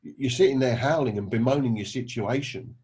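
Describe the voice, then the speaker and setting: A man's voice: mid-range voice, fairly quick, darkish tone, husky. A man giving a motivational talk, telling anecdotes and asking his listeners rhetorical questions. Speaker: network marketing recruiter.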